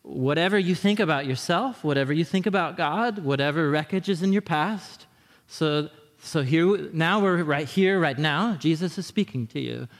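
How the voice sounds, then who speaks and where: A man preaching in a loose, animated, conversational way, often restarting his sentences. His voice sits a bit high, and a long reverb trails each phrase in a large hall. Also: normal speed. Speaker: pastor. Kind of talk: sermon.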